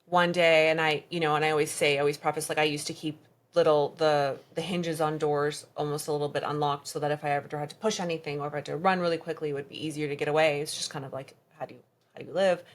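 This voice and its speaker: Low-voiced woman, halting testimony. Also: fairly even intonation. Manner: halting, reenacts dialogue. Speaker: podcast guest. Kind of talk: personal testimony in conversation.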